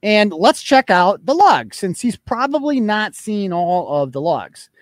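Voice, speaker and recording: A man's voice: high voice, sing-song, unhurried, no room sound. A man hosting a livestream, talking bluntly and sarcastically, often crude. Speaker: host. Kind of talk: livestream commentary.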